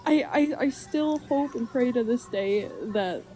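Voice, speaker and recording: A woman's voice: on the high side, measured pace, warm tone, soft background music, rough recording. A woman chatting casually on a live stream, telling stories, laughing often and reading chat messages aloud.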